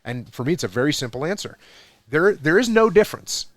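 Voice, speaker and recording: A man's voice: fairly high pitch, big pitch swings, a little fast, no room sound. A man in his forties, a former military leader, explaining his ideas emphatically in a casual podcast conversation. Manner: emphatic, explanatory, building points with repetition.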